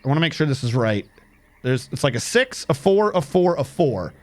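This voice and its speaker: High-pitched, animated profane game streamer man. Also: moderate pace. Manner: profane, animated storytelling, counting under his breath. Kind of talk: casual rambling commentary while playing a game.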